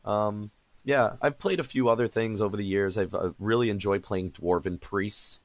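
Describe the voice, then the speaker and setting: A man's voice: fairly low pitch, steady tone, normal speed, dry recording. A young adult man hosting a podcast in casual conversation, rambling with many fillers and restarts. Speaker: podcast host.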